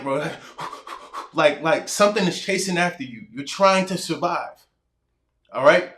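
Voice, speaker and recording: A man in his thirties speaks straight to the viewer in a relaxed, conversational self-help talk, his voice sitting high. He acts out bits of his own past dialogue. The room around him is echoey. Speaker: motivational speaker.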